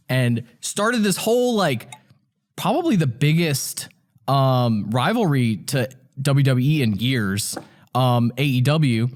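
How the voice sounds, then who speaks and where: A man's voice: medium pitch, animated, slow. A man guesting on a podcast, venting in a heated, swearing rant. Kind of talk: casual podcast chat.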